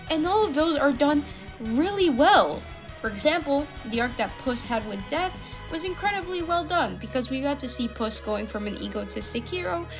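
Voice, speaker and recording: A woman casually reviewing an animated film, talking in an enthusiastic, gushing way. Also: sits high.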